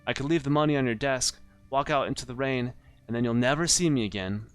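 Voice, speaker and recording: A man's voice: mid-range voice, fast talker, faint music behind, pitched above the performer's own voice, close to an everyday voice. A man voicing a scheming married woman client in a noir story game, pleading and then seductive.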